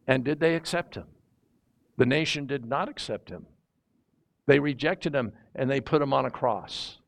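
A man's voice: medium pitch, moderate pace, gravelly. A man teaching a sermon in a conversational way, reading scripture and asking his listeners rhetorical questions. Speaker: preacher.

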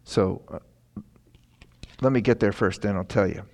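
A man's voice: fairly low pitch, unhurried, creaky, a little mellow. A middle-aged man preaching a sermon in a folksy, storytelling way, with emphatic lines.

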